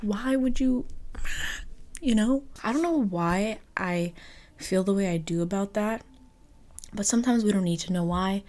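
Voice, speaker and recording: A young woman telling a personal story in a casual, expressive podcast monologue, full of fillers and the odd swear word. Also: medium pitch. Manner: chatty, expressive, lots of fillers and mild swearing. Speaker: podcast host.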